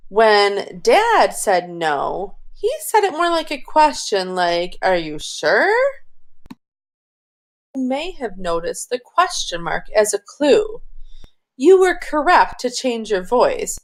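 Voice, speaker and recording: A woman teaches a reading lesson to her students in a clear, deliberate classroom voice. She speaks slowly and leaves room between her phrases. Her pitch rises and falls widely as she talks. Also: very animated.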